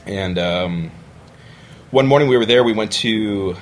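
A young adult man with a lowish voice, chatting on a podcast in a loose, animated way. He jumps into the voices of the people in his stories. A faint hiss of noise sits under the studio recording. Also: measured pace. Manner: animated storyteller, acts out quoted voices. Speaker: bar owner, podcast guest. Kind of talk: casual storytelling chat.

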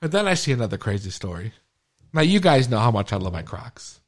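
Speaking fairly quickly at medium pitch, a man hosts a podcast from a studio while tipsy. His casual banter is full of swearing and stumbles, with stories told in a profane, animated way.

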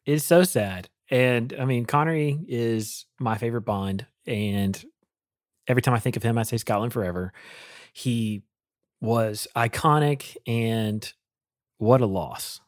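Man, podcast co-host, casual roundtable, easygoing, self-mocking, medium pitch, dry sound. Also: measured pace, no echo.

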